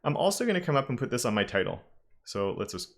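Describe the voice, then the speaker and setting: A man's voice: mid-range voice, big pitch swings, fast. A man teaching a live-streamed coding lesson, talking casually and thinking aloud with frequent self-corrections. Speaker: web development instructor.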